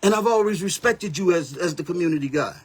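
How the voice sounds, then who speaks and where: A man's voice: high voice, expressive, fast, slightly rough. A man in his seventies, a pastor hosting a Facebook live, talking bluntly and confrontationally in a heated, street-style rant. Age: 70s. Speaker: pastor and livestream host. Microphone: phone or webcam livestream.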